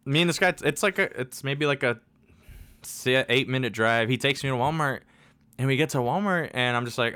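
A man's voice: medium pitch, moderate pace, pushed and bright, clean tone. A man co-hosting a podcast, telling a rambling story in casual chat, swearing and laughing as he goes. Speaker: podcast co-host.

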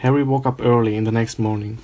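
Man reading a storybook aloud, monotone, stumbles and restarts now and then. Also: medium pitch, fast. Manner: unpolished reading with slips and restarts. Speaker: reader.

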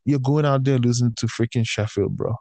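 A man's voice: mid-range voice, brisk, warm tone, no room sound. A man ranting in casual chat, heated and profane, swinging between raised outbursts and tired, fed-up grumbling.

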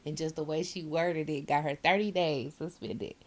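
A woman with a somewhat low voice, chatting casually about her job driving a bus. She tells her stories in an animated way and acts out what people said. Her talk is blunt and full of profanity. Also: normal speed. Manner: animated storyteller, acts out quotes, laughs often. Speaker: bus driver. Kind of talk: casual chat, telling work stories.

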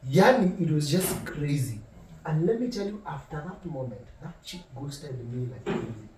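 A young man with a Kenyan accent telling an animated story in casual podcast chat, slipping between English and Swahili. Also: on the high side, moderate pace. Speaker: podcast co-host. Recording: echoey room, distant mic, faint noise.

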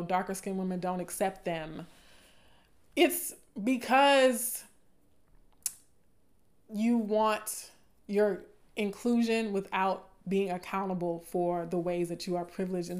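A woman with a Southern accent giving casual, impassioned commentary to her viewers, repeating phrases for emphasis. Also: mid-range voice. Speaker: video commentator.

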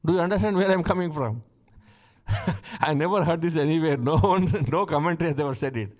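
A man preaching with a slightly higher voice than most. He hammers his points home by repeating lines and puts questions to the congregation, often chuckling at his own remarks. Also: a little fast. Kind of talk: sermon.

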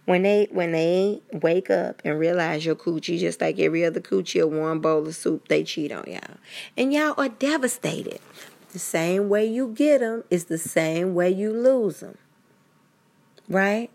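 A woman's voice: on the low side, a little slow, creaky, a little mellow. A woman giving a blunt, profane, preachy rant straight to her listeners in casual podcast style. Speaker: commentator.

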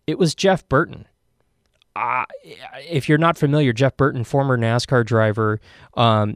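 A man's voice: clean tone, dry recording, clean studio sound. A man hosting a racing podcast, telling a story casually and animatedly, with many fillers. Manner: animated, many fillers, acts out quotes in a high shout.

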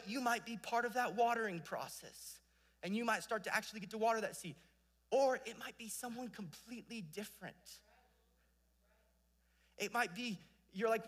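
A young man preaching a sermon with passion, swinging between loud exhortation and hushed storytelling. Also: sits high, normal speed, pauses often.

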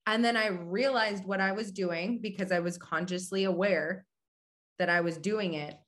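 A woman's voice: medium pitch, fairly even intonation, normal speed, fairly bright tone. A woman hosting a podcast in a casual motivational talk, speaking candidly and bluntly, swearing casually and asking listeners whether they agree. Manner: addresses listeners directly, asks if they agree. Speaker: podcast host.

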